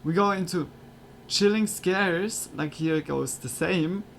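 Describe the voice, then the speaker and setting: Streamer dude, kinda high voice, rambly filler talk, usb mic with faint hiss. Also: male voice, slow pace, gravelly. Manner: chatty, filler-heavy, slightly broken English. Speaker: streamer reacting to videos. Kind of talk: casual reaction commentary. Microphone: USB desk microphone.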